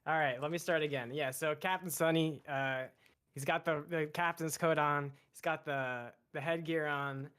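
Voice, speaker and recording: A man playing a tabletop game, describing his character in a halting casual way over an online voice chat mic. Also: on the high side, steady tone, a bit bright, clear, resonant tone.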